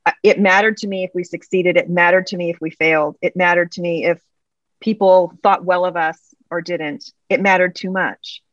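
A woman's voice: lowish voice, steady tone, moderate pace, no echo. A middle-aged woman, a pastor's wife, telling her personal story in an interview in an earnest way and acting out past conversations. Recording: slightly dull lo-fi sound.

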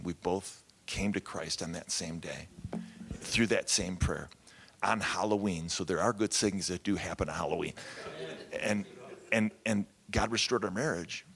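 A man's voice: low voice, gravelly, fairly bright tone, slightly rough. A man, a pastor, telling his story in a candid, conversational sermon with self-deprecating humor.

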